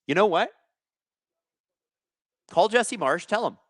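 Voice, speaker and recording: A young man hosting a live watch-along, reacting to the game with sarcastic, excitable commentary. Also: high voice, takes it slowly, long pauses, no echo, studio quality. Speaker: live stream host.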